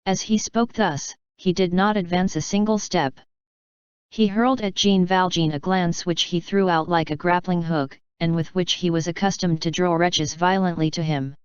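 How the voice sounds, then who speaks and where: A woman narrating a classic novel as an audiobook, in a measured, even reading. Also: on the low side, clean tone, dry recording, highs cut off.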